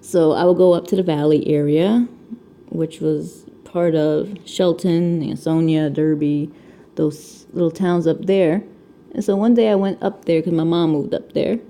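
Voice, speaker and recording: A Connecticut woman around her thirties, with a Connecticut accent, is a crafting vlogger chatting at home while diamond painting, recorded on the camera mic. She rambles chattily and laughs often. Her voice is low and warm, with fairly even intonation and a measured pace.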